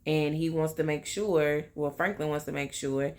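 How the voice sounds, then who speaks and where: A woman's voice: deep voice, fairly even intonation, moderate pace, a little mellow. A young woman casually recapping a TV episode, chatty and full of fillers. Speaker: TV recap vlogger.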